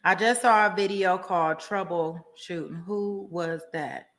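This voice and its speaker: Laughing slow-talking woman livestream host. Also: lowish voice, fairly bright tone. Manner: laughs often, slangy, addresses viewers as y'all. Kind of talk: casual livestream chat reading viewer comments.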